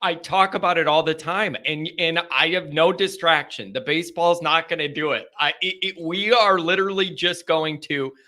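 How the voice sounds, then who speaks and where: High, bright-voiced excitable male host. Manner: excitable and rambling, quick to laugh. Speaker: sports call-in show host. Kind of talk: casual live call-in chat.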